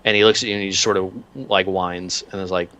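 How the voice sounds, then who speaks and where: A man runs a tabletop game as its game master and narrates in a rambling, animated way full of fillers. His voice is low and bright. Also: fast talker.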